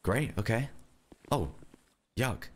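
Man from London, casual game chat, hesitant, easygoing, medium pitch. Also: takes it slowly, fairly bright tone. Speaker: streamer playing a role-play game.

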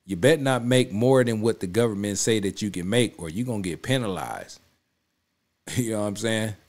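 A man hosting a reaction video talks in a loose, emphatic way, repeating his points and checking in with his audience. His voice sits a little low. He speaks casually, straight to his viewers. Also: moderate pace, darkish tone. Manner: emphatic, repeats himself, keeps saying "you know what I'm saying". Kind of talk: casual spoken commentary.

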